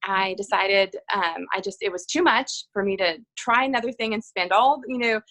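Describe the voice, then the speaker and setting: A woman in her thirties telling her own story in a casual interview, earnest and halting, with frequent ums and restarts. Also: medium pitch, a bit bright, poor audio. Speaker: guest sharing her health story.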